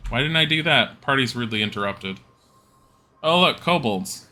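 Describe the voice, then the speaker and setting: A man's voice: mid-range voice, lively intonation, moderate pace, pushed and bright. A man streaming a game live, giving wry, casual commentary that swears now and then and reads menu choices aloud.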